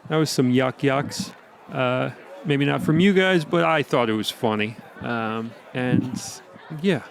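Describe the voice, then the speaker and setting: A man's voice: mid-range voice, slow, gravelly. A man doing stand-up in an offhand, mumbling way. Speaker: stand-up comedian. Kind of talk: stand-up comedy set.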